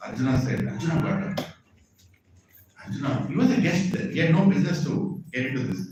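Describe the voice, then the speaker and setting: A man's voice: a little high, fairly quick. Man telling a sacred story in an echoey hall. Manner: animated storytelling, frequent asides to audience. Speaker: spiritual speaker. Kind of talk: sermon storytelling. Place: large hall at a community event. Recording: echoey hall, voice far from mic, faint noise.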